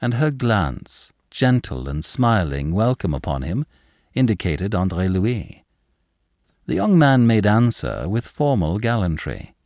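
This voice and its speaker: A man narrating a classic novel in a measured, expressive storytelling manner. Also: on the low side, no echo, studio quality. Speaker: audiobook narrator.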